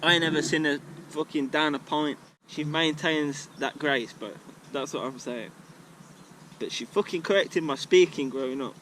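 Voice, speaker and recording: A man's voice: a little high, normal speed, a bit bright, poor audio. A man, chatting off the cuff at a favourite outdoor spot. He rambles and swears freely in loose slang, over a faint hum of street noise. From England. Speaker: vlogger. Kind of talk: casual rambling monologue. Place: outdoors at a regular filming spot.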